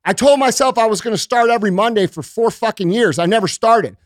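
A man with a high voice delivers a blunt, profane motivational monologue to his listeners. He hectors them and caps his points with a quick "okay?". The sound is dry and close. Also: no echo. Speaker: podcast host.

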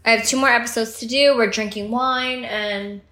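A woman in her thirties with a bright, fairly high voice chats and jumps in with laughing reactions. She co-hosts a casual podcast, and the room around her is echoey. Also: steady tone, normal speed. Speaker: podcast co-host. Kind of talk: casual chat.

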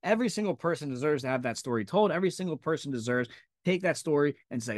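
A man's voice: fairly high pitch, lively intonation, quick pace, no room sound, studio quality. A man in his thirties hosting a podcast, giving an intense, profane and emphatic motivational monologue. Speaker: podcast host.

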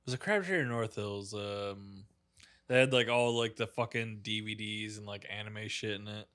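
Bright-voiced man in teasing banter. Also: on the low side, moderate pace. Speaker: podcast co-host. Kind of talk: casual chat.

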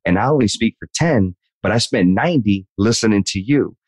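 Guest, 30s man, very low voice, earnest candid interview talk, says man a lot, dry sound. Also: animated, a little fast, a little mellow, dry recording, low-quality recording. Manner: earnest, repeats words, says man and dude. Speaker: podcast guest.

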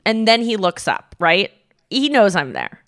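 A woman co-hosting a podcast tells a story in casual chat, getting animated and swearing freely as she acts out what people said. Her voice is mid-range and her pace measured.

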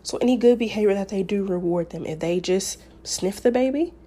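Woman podcast host, relaxed mellow tone, chatty and rambling. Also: mid-range voice, brisk. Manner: chatty, rambling, many fillers and restarts. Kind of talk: casual advice talk.

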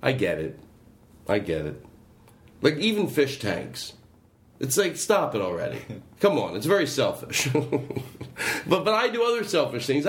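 A man's voice: a little high, roomy sound. A man hosting a casual comedy podcast, rambling, swearing and laughing between tangents. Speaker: podcast host.

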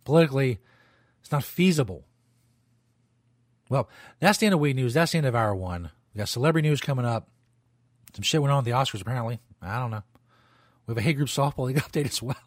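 A man's voice: medium pitch, lively intonation, fast talker, long pauses, no echo. A male radio host talks in a loose, rambling way and swears without a second thought. His voice sits in an ordinary middle range. The sound is dry and close, with no room around it. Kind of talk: casual talk radio monologue.

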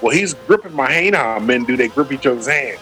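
A man's voice: mid-range voice, fairly quick, soft background music, poor audio. A man co-hosting a casual podcast, telling a rowdy story with lots of swearing and acted-out quotes. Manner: animated storyteller, acts out quotes, swears freely. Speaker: podcast co-host.

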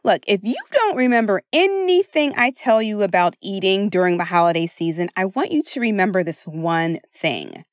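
Podcast host: American woman, coaching tone, animated pitch, laughs often, dry close mic. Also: moderate pace, few pauses, no echo. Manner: chatty and expressive, laughs often. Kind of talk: solo podcast talk.

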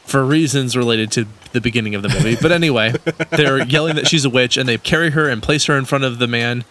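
Bright-voiced male podcast co-host. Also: mid-range voice, quick pace. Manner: relaxed, laughs often, retells scenes. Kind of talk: casual podcast chat.

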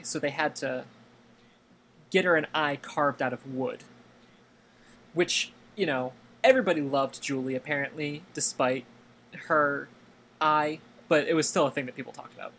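A man's voice: fairly high pitch, moderate pace, a bit bright. Man telling a rambling story. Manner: rambling anecdote with fillers, laughs along. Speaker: podcast host. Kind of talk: casual storytelling chat.

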